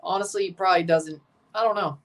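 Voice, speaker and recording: A man hosting a livestream watchalong, giving excitable play-by-play of a soccer match between chatty replies to his viewers. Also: high-pitched, fast, recorded from a distance. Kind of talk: casual watchalong commentary.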